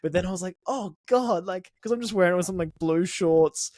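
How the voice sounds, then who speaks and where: A man co-hosting a podcast who laughs easily and mocks himself as he talks. His voice sits a little high, and it sounds close and dry. He keeps the chat loose and casual. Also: fast, a little mellow, no room sound. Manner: laughs easily, chatty and self-mocking. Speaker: podcast co-host.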